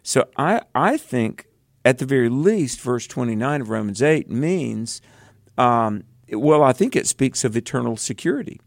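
Southern male co-host, Bible teacher, earnest with emphatic bursts, mid pitch, dry studio sound. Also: animated, measured pace, gravelly, no room sound. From American South.

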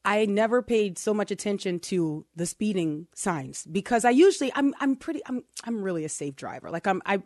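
A middle-aged woman co-hosts a casual talk show and tells a self-deprecating story with plenty of animation, often laughing mid-sentence. Her voice sits at a medium pitch. It is recorded dry and close, with no room sound. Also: expressive, a little fast, few pauses, darkish tone, no room sound. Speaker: co-host.

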